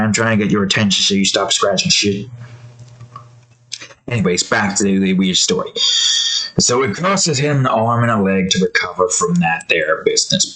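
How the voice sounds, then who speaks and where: Slow-talking young man rambling while drawing. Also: lowish voice, a bit bright, low-quality recording. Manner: rambling, jokey, swears offhandedly, talks to his cat. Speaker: digital artist drawing on his channel.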